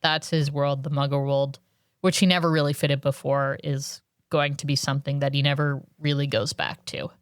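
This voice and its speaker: A woman's voice: deep voice, flat delivery, normal speed, smooth, no room sound, clean studio sound. A woman co-hosting a podcast, chatting about a book with lots of "like" fillers and thoughtful asides. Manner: chatty, filler-heavy, reflective. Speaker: podcast co-host. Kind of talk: casual book discussion.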